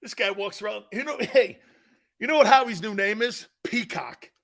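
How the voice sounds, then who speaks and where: A man hosting a sports talk show, riffing casually in a mocking way, laughing often and slipping into quick impressions of others. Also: sits high, lively intonation, fairly bright tone.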